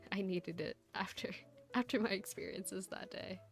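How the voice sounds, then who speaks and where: A woman's voice: mid-range voice, measured pace, soft background music. A woman VTuber chatting casually to her stream viewers, rambling through a story with lots of laughs and fillers.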